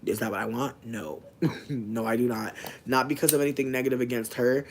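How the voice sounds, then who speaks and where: A man's voice: mid-range voice, fairly even intonation, a little fast, a little hiss or hum. A man talking candidly in a casual vlog monologue, frank and chatty, swearing often and filling his speech with "like". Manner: chatty, frank, swears a lot, many "like" fillers. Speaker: vlogger. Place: indoors at home.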